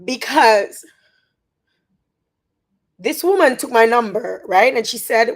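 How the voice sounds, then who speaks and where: A woman with a Dominican accent, talking on a phone live stream. She speaks haltingly and repeats words as she tries to stay composed. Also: fairly high pitch, sing-song. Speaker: social media influencer. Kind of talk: emotional live-stream monologue.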